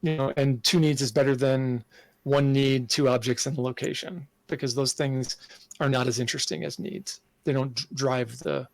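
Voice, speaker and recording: A man answering interview questions in a thoughtful, halting way, with many fillers and restarts. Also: medium pitch, fairly even intonation, dry recording. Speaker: game designer guest.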